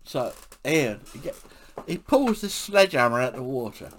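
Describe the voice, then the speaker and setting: A man's voice: mid-range voice, very animated, moderate pace, slight background noise. A man from England, telling funny anecdotes from his life for a podcast and often laughing at his own stories. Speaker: podcast storyteller. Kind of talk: anecdotal storytelling.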